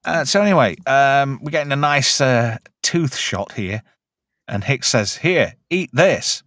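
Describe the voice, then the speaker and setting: A man's voice: medium pitch, animated, a little slow, fairly bright tone, dry recording, clean studio sound. A man hosting a casual film review, recapping scenes in a chatty, joking way.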